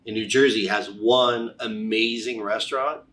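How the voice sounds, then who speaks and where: A middle-aged man, a chiropractor guest on a podcast, chatting casually and telling animated anecdotes with frequent restarts. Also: fairly low pitch, measured pace. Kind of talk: casual conversational storytelling. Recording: distant mic with faint background noise.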